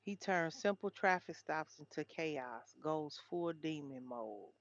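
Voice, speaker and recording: A woman's voice: low-pitched, lively intonation, takes it slowly, highs cut off. A woman hosting a casual livestream, chatting with viewers and reading headlines aloud. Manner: chatty, talks straight to viewers. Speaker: livestream host.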